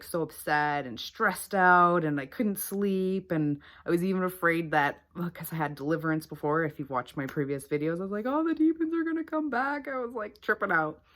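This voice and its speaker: A woman's voice: low-pitched, bright, forceful tone. A woman vlogger telling a personal faith testimony to the camera in an earnest, chatty way, with many fillers.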